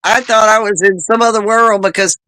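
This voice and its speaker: A speaker in a casual group chat who talks haltingly, repeating words and restarting sentences. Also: mid-range voice, fairly even intonation, pushed and bright, no room sound. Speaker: chat panelist.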